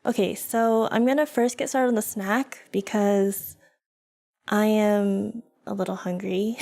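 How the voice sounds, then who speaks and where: A young woman with a slightly high voice chats with her stream at a slow, easy pace. She giggles often and talks to her viewers and her dogs in a casual, rambling way. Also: vocal fry, mellow. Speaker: vtuber streamer. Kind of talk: casual livestream chat.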